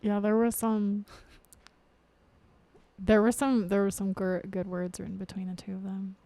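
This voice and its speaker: A young woman co-hosting a casual book podcast, laughing often and trailing off into quiet, mumbled asides. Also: mid-range voice, little pitch movement, normal speed, no echo. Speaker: podcast co-host. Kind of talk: casual chat about a book.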